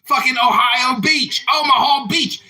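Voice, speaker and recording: A man voicing a loud, bullying ranter who taunts people in a mock rant on a voice-chat app. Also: measured pace, exaggerated voice. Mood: taunting. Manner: shouting, taunting, high-pitched.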